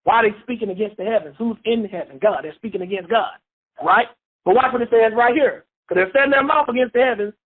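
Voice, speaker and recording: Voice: medium pitch, quick pace, husky. A Bible teacher leading a call-and-response study, repeating points and asking listeners questions. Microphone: phone. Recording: phone-line radio call.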